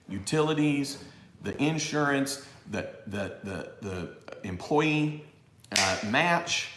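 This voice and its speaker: A man's voice: fairly high pitch, a little slow, a little hiss or hum. Fired-up man ranting in a roomy space. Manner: animated and exasperated, mocking imagined callers. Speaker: tax educator on a live show. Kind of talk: fired-up live Q&A rant.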